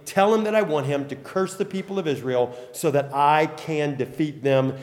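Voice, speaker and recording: A man's voice: a little high, moderate pace, lightly acted. A man voicing an impatient, demanding pagan king who gives orders in a sermon retelling. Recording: long hall reverb.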